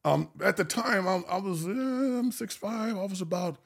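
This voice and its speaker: A man with a high voice and a gravelly, husky edge tells wild stories as a podcast guest. He talks in a loose, slangy and animated way. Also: moderate pace. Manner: animated, slangy, laughing storyteller. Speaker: guest, male stripper. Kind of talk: casual storytelling.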